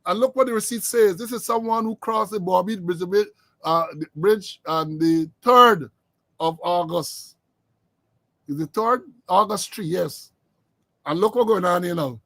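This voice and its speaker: Guyanese male host, middle-aged, higher-pitched, mocking tone, dry close sound. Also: unhurried, a bit bright, dry recording. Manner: sarcastic, mocking. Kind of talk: political commentary chat.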